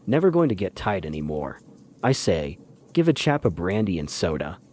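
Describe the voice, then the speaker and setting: A man's voice: low voice, very animated, normal speed, a little mellow. A man reading a breezy, flippant English society woman in an audiobook, with clipped, airy upper-class phrasing. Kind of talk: audiobook character voice.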